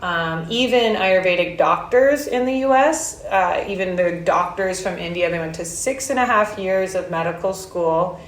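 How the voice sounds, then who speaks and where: A woman's voice: on the low side, normal speed, few pauses. A woman from Hawaii, an Ayurvedic practitioner, talking casually in an interview with frequent fillers and restarts. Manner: warm storytelling with hesitant fillers. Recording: roomy echoey sound.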